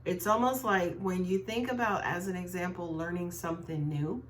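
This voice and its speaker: A woman's voice: fairly low pitch, steady tone, moderate pace, a little hiss or hum. A woman giving a casual tarot reading to viewers, talking in a chatty way and often tagging her sentences with "right?". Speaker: tarot reader.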